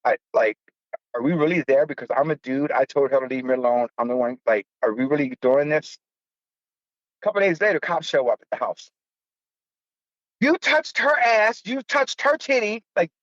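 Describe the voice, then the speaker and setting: A man's voice: mid-range voice, dry recording. A man telling a personal story on a podcast in blunt, profane, casual slang, with emphatic outbursts. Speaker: podcast guest. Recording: dull lo-fi, dry.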